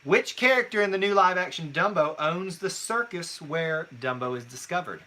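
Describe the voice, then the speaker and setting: Lively teasing male trivia host. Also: fairly high pitch. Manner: teasing, brisk quizmaster reading scores. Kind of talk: casual live-stream trivia chat.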